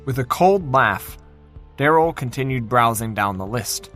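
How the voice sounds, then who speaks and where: A man narrating a fantasy novel in an expressive, dramatic reading style. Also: medium pitch, unhurried, soft background music. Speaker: audiobook narrator.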